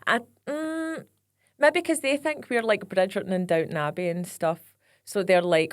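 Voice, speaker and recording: A woman's voice: medium pitch, normal speed, no echo, studio quality. A Scottish woman hosting a casual chat podcast, chatty and playful, laughing along with her guest. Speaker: podcast host.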